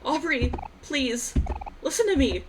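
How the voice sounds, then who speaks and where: A woman voicing a loud, hotheaded teenage boy in a game, shouting urgently over game music. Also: medium pitch, big pitch swings, normal speed, noisy background, voice pushed up, lightly acted.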